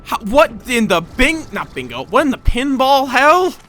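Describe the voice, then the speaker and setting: A young man streaming a video game, chatting casually with his viewers, swearing now and then and reacting out loud. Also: very high-pitched, a little slow. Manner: animated, chatty, swears, talks to chat. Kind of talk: casual gameplay commentary. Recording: faint game music behind.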